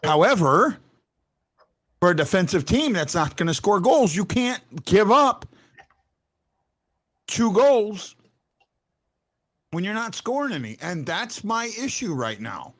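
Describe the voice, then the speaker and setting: His voice sits high and sing-song, a bit bright, moving slowly with long pauses. As host of a casual postgame sports talk show, he stammers through restarts and hammers his points hard when arguing.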